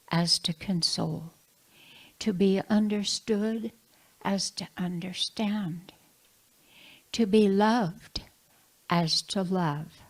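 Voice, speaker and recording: A woman reading a prayer aloud in a slow, solemn recitation. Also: medium pitch, poor audio. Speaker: reader.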